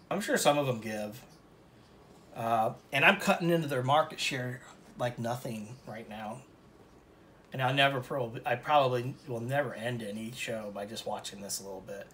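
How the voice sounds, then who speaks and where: A man's voice: mid-range voice, normal speed, pauses often, a bit bright, slight background noise. A man teaching painting in a casual, rambling way, joking and poking fun at himself as he works. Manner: rambling, joking and self-deprecating. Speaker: painting instructor. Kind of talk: casual painting tutorial talk.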